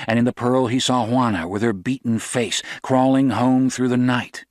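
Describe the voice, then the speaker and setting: A man narrating a novel as an audiobook, in a steady, even storytelling voice. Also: medium pitch, moderate pace, hardly any pauses, dry recording, clean studio sound.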